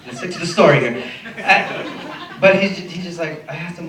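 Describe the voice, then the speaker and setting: A man from Mexico performing a stand-up comedy set, animated and profane, acting out voices of people in his stories. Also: a little high, fairly quick. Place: comedy club stage. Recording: roomy club sound from a distance, audience noise.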